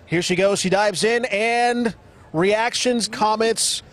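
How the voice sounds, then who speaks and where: A man's voice: high-pitched, slow pace, fairly bright tone. A man reporting live from an outdoor fair for a morning TV show, playful and coaxing as he hosts a food tasting. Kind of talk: live on-location TV segment.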